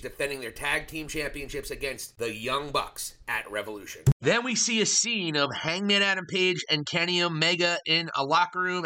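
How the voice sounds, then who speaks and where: A man hosting a casual wrestling recap, excitable and swearing casually. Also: a little high.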